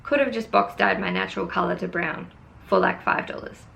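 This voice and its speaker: Gravelly-voiced young woman venting. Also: on the low side, steady tone, a little fast, a bit bright. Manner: exasperated, vents and swears casually. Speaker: beauty vlogger. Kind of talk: storytime vlog.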